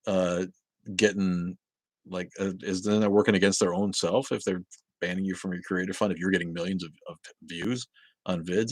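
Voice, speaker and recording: A man hosting a casual livestream from home, greeting viewers loudly, coughing often and swearing casually. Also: sits low, no room sound. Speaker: livestream host. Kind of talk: casual livestream chat reading viewer comments. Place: at home with a dog nearby.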